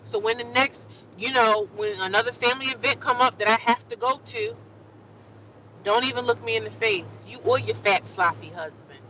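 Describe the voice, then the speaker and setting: A woman's voice: on the high side, normal speed, pushed and bright, highs cut off, slight background noise. A woman ranting on a live stream, emphatic and fiery, repeating and drawing out her phrases. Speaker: livestreamer.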